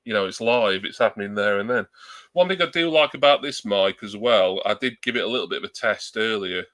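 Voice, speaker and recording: A man rambles through a casual live-stream chat, poking fun at himself as he goes. His lowish voice has a bright, pressed edge, and it comes across close and dry at his home desk mic. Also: brisk, no echo. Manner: rambling, self-deprecating, joking. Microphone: new external desk mic.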